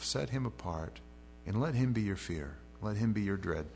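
With a lowish, slightly mellow voice, a pastor preaches animatedly at a moderate pace, reading scripture verse by verse and then paraphrasing it in casual, modern speech. The expository sermon carries a faint mains hum.

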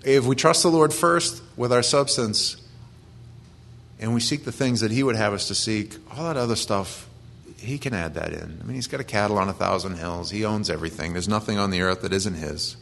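A man preaches in a relaxed, conversational way, quoting scripture and explaining it plainly. His voice sits low and carries a gravelly rasp. He sounds earnest rather than showy. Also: normal speed, slight background noise. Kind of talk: conversational sermon.

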